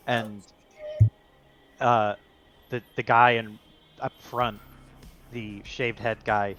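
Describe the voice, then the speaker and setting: A man running a tabletop game, narrating the scene in a relaxed, filler-heavy way. His voice sits in an ordinary middle range, with faint music playing behind. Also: medium pitch. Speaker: game master.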